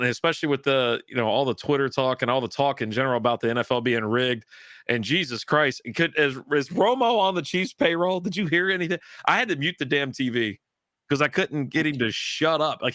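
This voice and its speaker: Bright-voiced man in casual profane chat. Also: mid-range voice, animated, a little fast, dry recording, clean studio sound. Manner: loose, profane, mocking asides. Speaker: co-host.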